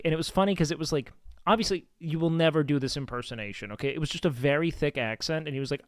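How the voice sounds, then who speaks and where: A man's voice: mid-range voice, quick pace, clean tone, no echo. A young man chatting casually on a live stream, rambling and swearing with lots of fillers.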